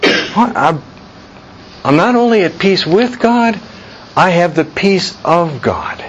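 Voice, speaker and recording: A man's voice: high-pitched, animated, slow. A man leads an informal Bible study, earnest and conversational. He drives his points home by repeating them. The recording is dull and lo-fi, with a faint hiss underneath. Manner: earnest, conversational, emphatic repetition.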